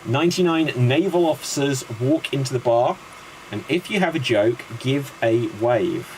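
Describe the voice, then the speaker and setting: A man's voice: mid-range voice, expressive, a little hiss or hum. A man hosting an improv comedy show, joking, laughing and calling on players. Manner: jokey, quick, laughing between prompts. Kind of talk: casual comedy banter.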